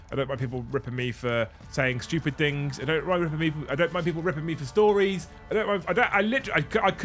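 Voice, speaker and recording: A man's voice: mid-range voice, a bit bright. A man hosting a hobby livestream, chatting casually with rambling, sweary banter. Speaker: livestream host.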